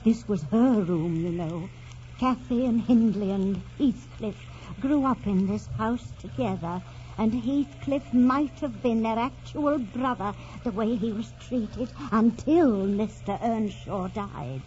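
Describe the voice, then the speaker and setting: An old family nurse, gentle and sorrowful, speaking softly and very slowly in a slightly high voice. She sounds motherly and patient. The recording is dull and lo-fi, with faint hiss. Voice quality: soft, motherly, unhurried. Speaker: housekeeper. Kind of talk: 1940s radio acting. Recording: dull lo-fi 1940s radio recording.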